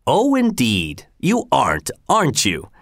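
A man voices a smug, menacing male governor, with a mid-range, fairly bright voice that swings hugely in pitch and is pushed up and exaggerated. His delivery is slow, silky and condescending, dragging out the words, on a dry, studio-quality recording.

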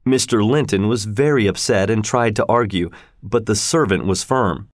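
Man narrator, measured storybook read, dry close sound. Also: lowish voice, no echo. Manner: slow, measured reading.

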